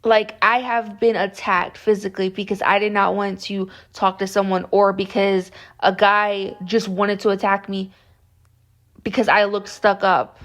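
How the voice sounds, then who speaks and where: A woman's voice: mid-range voice, level tone, a little slow, fairly bright tone. A young woman giving upset, impassioned commentary to camera, rambling and restarting as she talks. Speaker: vlogger.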